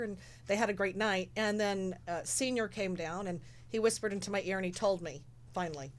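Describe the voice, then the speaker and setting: A woman's voice: mid-range voice, slight background noise. A woman guest in casual chat who organizes charity shows, talking in a rambling, emotional way and acting out what others said. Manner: rambling, emotional, acts out quotes.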